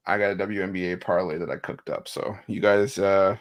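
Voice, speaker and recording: A man's voice: low voice, level tone, fairly quick. A man co-hosting a casual sports betting show, teasing his co-hosts and joking as he reads out picks. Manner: teasing, joking banter with restarts.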